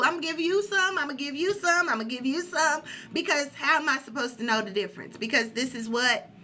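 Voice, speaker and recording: A woman's voice: very high voice, bright, forceful tone, a little hiss or hum. A woman hosting a live stream with an inspirational spiritual talk, emphatic and preachy, repeating her phrases for effect. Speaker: livestream host.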